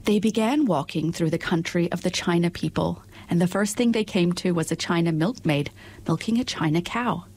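A woman narrates a children's storybook in a measured, expressive way. Her voice sits on the lower side and has a husky, breathy texture.

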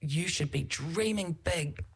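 A middle-aged New Zealand politician appears as a guest on a podcast, telling stories in an earnest, advocating way during casual interview talk. Her voice is low and breathy-edged, her pace slow, and she uses loose fillers and restarts.

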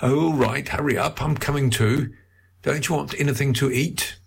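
A man's voice: mid-range voice, moderate pace, creaky, husky, voice pushed up. A man reading aloud, voicing a fussy older husband who is a lord, asking bustling, querulous questions in a raised voice. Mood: fussing.

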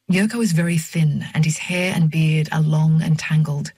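A woman narrating a first-person novel in a measured, reflective reading voice on a close mic. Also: low-pitched, fairly even intonation, dark tone, slightly rough, dry recording. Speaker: audiobook narrator.

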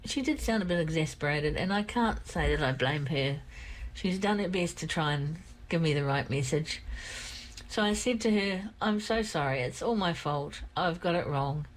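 An older woman with a croaky throat, telling a personal story in a rambling, candid way. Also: lowish voice, poor audio. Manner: rambling, candid, repeats herself. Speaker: vlogger.

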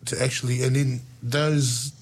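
A man's voice: unhurried, gravelly, slightly rough. A man, casually telling stories as a guest and laughing often. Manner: lively, laughs often, jumps into high voices for quoted lines. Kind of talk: casual storytelling chat.

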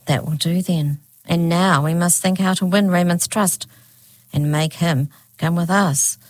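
A steady, commanding wizard, read by a woman. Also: fairly low pitch, a little slow, no room sound. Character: calm, commanding male wizard.

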